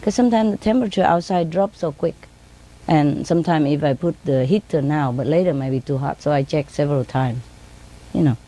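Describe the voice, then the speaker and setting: A woman speaking English with non-native grammar, telling laughing stories about her birds and mimicking them in a high voice. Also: fairly quick, dark tone. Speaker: bird owner telling stories. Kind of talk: casual storytelling.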